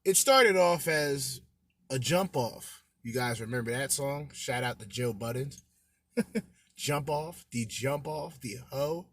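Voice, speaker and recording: A man's voice: mid-range voice, slow, a bit bright, no echo. A man hosting a podcast in a casual, brash commentary style, swearing and bantering with his listeners. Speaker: podcast host.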